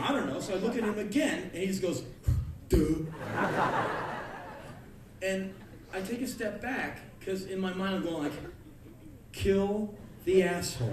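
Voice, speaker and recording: High-voiced man telling stories live on stage. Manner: animated, acts out quotes in loud outbursts. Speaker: spoken word performer. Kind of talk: live spoken word storytelling. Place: large concert club stage with audience. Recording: echoey live club recording from far off. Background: audience laughter and room noise.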